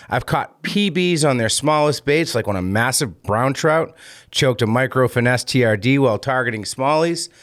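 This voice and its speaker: A man hosting a fishing podcast, giving short reactions and then reading a sponsor spot smoothly. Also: mid-range voice, fairly bright tone, no room sound, studio quality. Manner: brief reactions, smooth ad read. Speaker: podcast host. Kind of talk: casual chat, reads ad.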